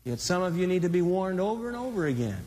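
A male pastor preaching a sermon in an animated, conversational style with dramatic swings. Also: high-pitched, quick pace. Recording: long hall reverb.

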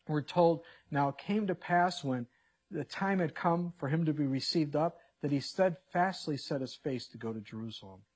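Male pastor, husky and raised in pitch, lively delivery, acts out characters mid-sermon. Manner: animated, acts out the story characters in quick voices. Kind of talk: expository sermon.

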